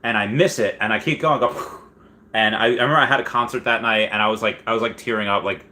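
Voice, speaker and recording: A man hosting a casual livestream, reading viewer comments aloud and rambling excitedly. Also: on the low side, fast. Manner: excitable, rambling, many restarts and squeals. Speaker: livestream host.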